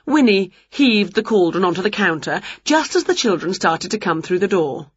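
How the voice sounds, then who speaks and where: A woman reading a children's storybook aloud with expressive, animated storytelling, on a dull lo-fi recording. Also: on the low side, moderate pace, breathy edge, no echo. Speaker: storybook reader. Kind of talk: storybook read-aloud narration.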